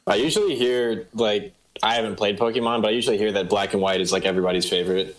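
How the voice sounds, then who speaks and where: A deep-voiced man makes deadpan jokes on a group podcast. He teases the others in a flat, jokey way. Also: fast, poor audio. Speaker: podcast guest. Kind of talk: casual group chat.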